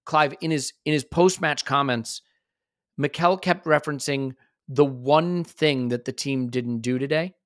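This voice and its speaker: A man's voice: mid-range voice, unhurried, dry recording, studio quality. A man hosting a football podcast, giving worked-up opinions in casual chat. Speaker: podcast host.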